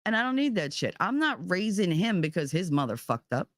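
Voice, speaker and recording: A woman's voice: fairly low pitch, big pitch swings, brisk, no echo, studio quality. A middle-aged woman streaming from home, telling a story in casual chat, heated and profane. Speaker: live streamer.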